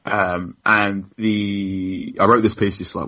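A man's voice: lowish voice, level tone, takes it slowly, sharp tone, dull audio. A young man, a football journalist as a guest, telling rambling, self-deprecating stories with frequent laughs. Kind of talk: casual storytelling interview.

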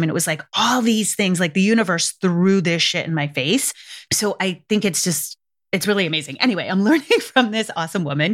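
A middle-aged woman with a somewhat low voice hosts a parenting podcast on her own. She talks in a loose, emphatic way, repeating words, checking in with "right?" and dropping the odd swear word. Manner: chatty and emphatic, repeats words, says "right?" and "you guys", swears casually. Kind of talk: casual solo podcast talk.

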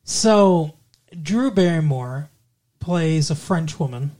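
A man's voice: a little high, expressive, slow, a little mellow. A man co-hosting a podcast, chatting casually and rambling about a movie, with casual swearing. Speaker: podcast co-host. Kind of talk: casual movie review chat.

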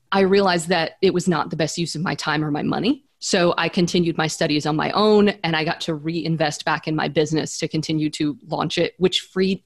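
A woman in her thirties, a podcast guest chatting in an upbeat way and laughing easily. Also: lowish voice. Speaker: podcast guest, business strategist. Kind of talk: casual interview chat.

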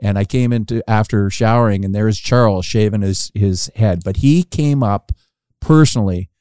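Male storyteller, low and warm, animated when quoting, dry close podcast sound. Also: moderate pace, clear, resonant tone, no room sound. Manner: animated storytelling, acting out quoted lines with rising pitch. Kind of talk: casual anecdote telling.

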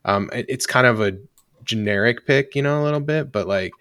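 A man's voice: medium pitch, brisk, fairly bright tone, no echo, studio quality. A man co-hosting a podcast, talking casually and rambling with lots of restarts and fillers. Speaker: podcast co-host. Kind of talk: casual chat.

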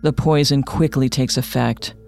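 A man narrating a scripted true-crime story in a measured, matter-of-fact way. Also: medium pitch, fairly even intonation, gravelly, a little mellow, soft background music. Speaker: podcast narrator.

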